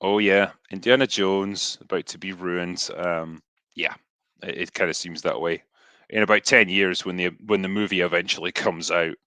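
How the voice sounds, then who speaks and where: A man's voice: low voice, normal speed, dry recording. Sarcastic Scottish man on a headset. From Scotland. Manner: relaxed, filler-heavy, dry sarcastic humor. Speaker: host reading superchats. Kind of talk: casual livestream chat.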